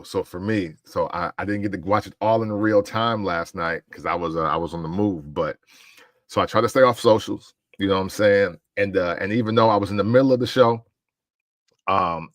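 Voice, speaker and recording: Animated man telling a story, dry sound. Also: medium pitch, no echo. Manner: excitable, animated storytelling with laughs. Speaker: podcast co-host. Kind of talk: casual chat.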